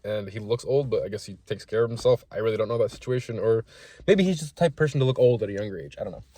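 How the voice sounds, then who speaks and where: A man's voice: on the low side, racing, dark tone, no echo. A young man casually telling rambling, frank stories in a profane, chatty way. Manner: profane, rambling, frank storytelling with acted-out quotes. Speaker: small business owner telling gym stories. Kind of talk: casual storytelling vlog.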